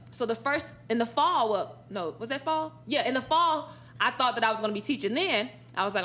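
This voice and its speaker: Woman, esports sportscaster and teacher, chatty interview guest, bright laughs, plays out the dialogue. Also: fairly high pitch, fairly quick. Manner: animated, laughs often, acts out quoted dialogue. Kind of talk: casual storytelling in an interview.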